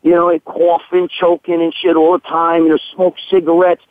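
A man's voice: on the high side, monotone, normal speed, no room sound. A man telling a crude story in a casual, profane, rambling way. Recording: tinny phone line, dry.

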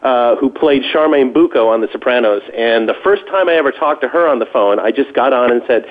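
A man calling in as a guest to a talk show, animated, profane and joking. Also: medium pitch, fairly quick, hardly any pauses. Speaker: radio guest. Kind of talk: casual radio interview banter. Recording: tinny phone line.

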